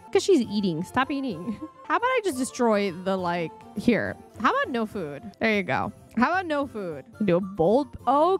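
A woman hosting a gaming video, chatting casually and reacting out loud to what happens on screen. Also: fairly high pitch. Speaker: gaming channel host. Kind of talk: casual let's-play commentary. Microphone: desk microphone.

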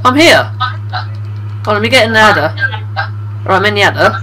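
A man hosting a gaming session, excitable and prone to loud shouting and laughter. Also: high voice, moderate pace, a little hiss or hum, rough recording. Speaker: gamer, channel host.

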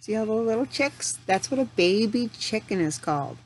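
A woman reading a picture book aloud to young children as their teacher, pausing to ask them gentle questions. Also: fairly high pitch, expressive, slight background noise.

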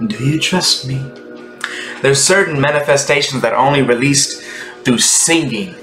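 A man giving a rambling, ecstatic spiritual monologue that sometimes drops into hushed whispers. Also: medium pitch, moderate pace. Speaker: Christian content creator. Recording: echoey room with music behind.

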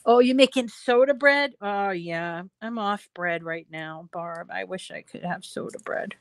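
A woman's voice: medium pitch, measured pace, clear, resonant tone, dry recording. A woman talks her viewers through a craft project in an easygoing, rambling way, full of little fillers. She takes her time over each phrase. Her voice sits dry and close, with no room sound around it. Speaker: craft show host. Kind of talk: casual craft tutorial livestream.

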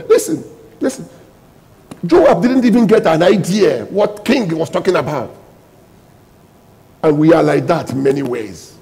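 A man preaching a sermon as pastor, calling out questions to the congregation and bursting into loud emphatic lines. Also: a little high, big pitch swings, moderate pace, creaky, long pauses, big-room sound, low-quality recording.

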